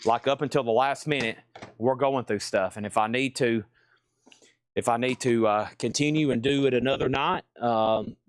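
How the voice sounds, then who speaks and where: A man's voice: medium pitch, normal speed, clear, resonant tone, dry recording. A man hosting a live record sale, talking in a casual, rambling, chatty way. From Tennessee. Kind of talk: live sales stream.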